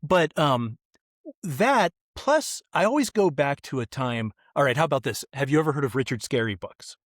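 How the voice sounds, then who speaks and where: A middle-aged man on a podcast, telling stories in an animated way and acting out the voices of the people in them. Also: mid-range voice, moderate pace, no echo, studio quality. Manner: animated, acts out quoted voices. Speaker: kids ministry guest. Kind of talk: podcast interview storytelling.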